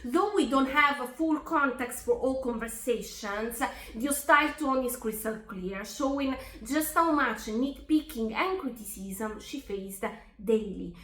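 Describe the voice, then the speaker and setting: A woman's voice: fairly high pitch, a little slow, few pauses, a bit bright, echoey room. A woman narrating a true story in a scripted way, reading out text messages with earnest indignation.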